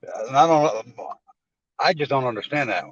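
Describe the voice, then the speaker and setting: A man's voice: medium pitch, moderate pace, fairly bright tone, dry recording, dull audio. A man in a casual chat who talks bluntly and sarcastically, with emphasis.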